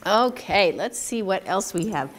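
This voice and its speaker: A woman's voice: medium pitch, measured pace, slight background noise. A woman reading a picture book aloud at a children's story time, asking the kids questions as she goes. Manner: animated, sing-song, asks children questions. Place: community library story time.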